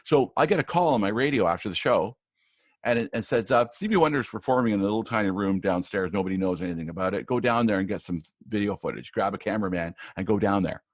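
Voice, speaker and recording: Guy with a lowish voice telling event producer stories, lots of restarts, dry sound. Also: fast talker, dry recording. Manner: animated anecdotes with many restarts. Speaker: guest, live event AV producer. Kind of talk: casual storytelling interview.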